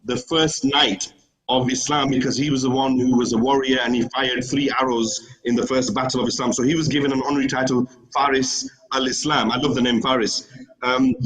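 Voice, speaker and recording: A man's voice: mid-range voice, fairly even intonation, moderate pace, fairly bright tone, rough recording. A middle-aged man from the United Kingdom, a studio guest telling a rambling story and laughing easily. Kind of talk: casual studio chat.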